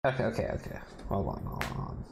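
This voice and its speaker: A man co-hosting a casual commentary podcast, reading an article aloud and breaking off to swear and react in disbelief. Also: fairly quick.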